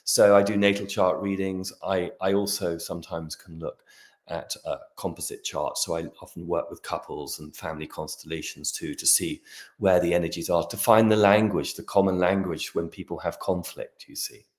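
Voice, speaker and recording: Man, middle-aged, very low voice, animated and expansive, restarts often, video call interview. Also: normal speed. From Britain. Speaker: guest astrologer. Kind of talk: podcast interview.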